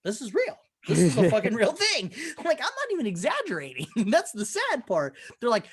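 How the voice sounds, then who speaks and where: A man in his thirties, a podcast co-host, telling stories in a casual, profane, animated way. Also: sits high, a little fast, few pauses, breathy edge. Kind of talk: casual chat.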